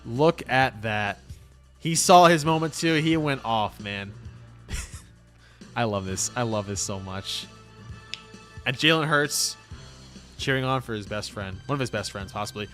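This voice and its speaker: A young man hosting a casual sports talk show, recapping plays with excitable, swinging energy between loud calls and mumbled asides. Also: mid-range voice, unhurried, pauses often, soft background music. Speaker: host.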